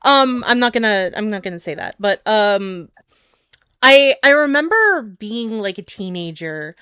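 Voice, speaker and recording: A woman's voice: mid-range voice, big pitch swings, measured pace, pushed and bright, clean tone, no room sound, clean studio sound. A woman from Canada hosting a podcast over a video call, talking casually with many fillers. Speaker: podcast host.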